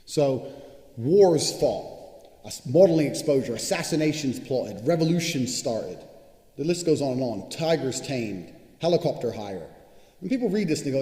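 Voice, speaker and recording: This course instructor's voice is mid-range, expressive and dark, and his motivational talk is entirely unscripted. He races through stories, cursing frequently and boasting. Everything rings out in an echoey space with long reverb.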